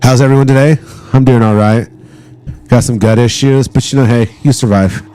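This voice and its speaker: Profane, joking male streamer with a mellow voice. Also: medium pitch, fairly even intonation, normal speed, clean tone. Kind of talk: casual live-stream chat.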